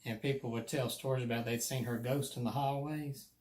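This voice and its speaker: A man's voice: mid-range voice, fairly even intonation, brisk, darkish tone. Man, casual storyteller, chatty, laughs often, voice of medium height. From Alabama. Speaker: guest telling ghost stories.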